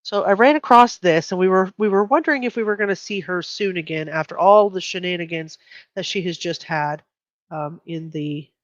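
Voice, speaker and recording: A chatty American woman hosts a true crime livestream from home, mixing news reads with quick asides and laughs. Her mid-pitched voice comes through a slightly dull, dry mic with no room sound. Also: no echo. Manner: chatty, laughs often, reads headlines aloud. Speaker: livestream host.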